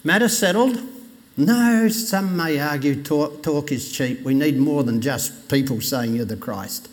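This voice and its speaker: A man preaching a Sunday sermon in a conversational way, lifting his voice for emphasis and dropping it low when he quotes scripture. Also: a little slow. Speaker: pastor. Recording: long reverb of a church hall.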